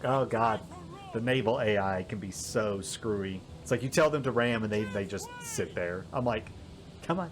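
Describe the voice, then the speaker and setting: A man giving casual gameplay commentary, animated and often laughing, exasperated at the game's behavior. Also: fairly low pitch. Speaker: gaming YouTuber.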